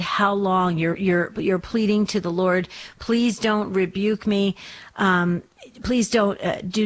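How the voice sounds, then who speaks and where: A woman hosting a call-in radio program, speaking in an earnest and encouraging way. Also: mid-range voice. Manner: encouraging, earnest, warmly inviting. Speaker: radio show host.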